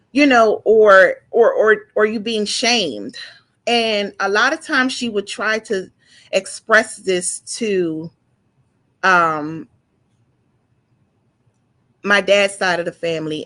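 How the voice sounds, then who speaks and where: A woman in her forties telling a painful personal story, halting and emotional, with frequent restarts and repeated words. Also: medium pitch, fairly bright tone. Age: 40s. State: emotional, close to tears. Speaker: guest sharing her story.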